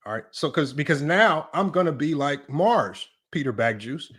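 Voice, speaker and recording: A man's voice: on the high side, lively intonation, moderate pace, fairly bright tone. A man hosting a livestream sports talk show, emphatic and repetitive, tossing in "right?" and "y'all" as he argues a point. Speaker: sports channel host.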